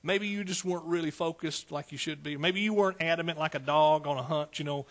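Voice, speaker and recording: A man's voice: on the high side, a little fast, fairly bright tone. A man preaching a fervent sermon, calling out to his congregation.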